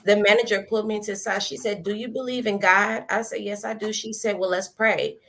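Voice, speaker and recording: A woman tells her personal story with a bright, forceful tone. She acts out what she said back then and laughs easily along the way. The talk is casual and full of feeling. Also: mid-range voice, steady tone, brisk. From American South. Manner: acts out her own past words, laughs often. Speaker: guest giving a testimony.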